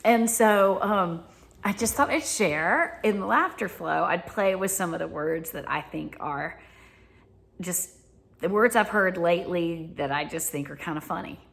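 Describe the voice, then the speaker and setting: A woman's voice: on the low side, unhurried, creaky, fairly bright tone. A woman with a Southern US accent, telling casual stories and laughing often as she talks. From Southern United States. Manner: giggly, laughs often while talking. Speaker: vlogger. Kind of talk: casual storytelling monologue.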